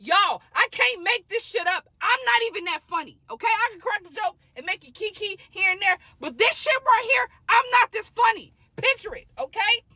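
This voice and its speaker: A woman's voice: very high-pitched, expressive, normal speed, few pauses, bright, forceful tone, dry recording. A young woman venting an exasperated, dramatic dating storytime in a casual monologue.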